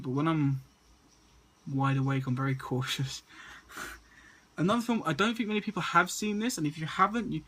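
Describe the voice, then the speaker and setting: A man's voice: a little high, fairly even intonation, unhurried, long pauses, a bit bright. A man, stuttering and restarting often as he casually talks through a list of movies to his camera. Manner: stutters and repeats words often. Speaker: movie vlogger.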